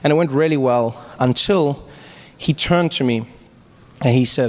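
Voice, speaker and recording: A man telling a stand-up comedy story, animated and flustered, stammering through restarts. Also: mid-range voice, a little slow, pauses often. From Africa.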